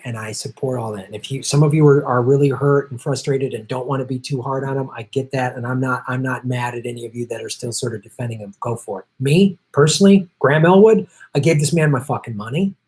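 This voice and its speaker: A middle-aged man hosts a political commentary show, delivering a heated, profane rant at a quick pace with few pauses. His voice is medium-pitched with a darkish tone, and he sounds angry and emphatic, hammering the same points again and again.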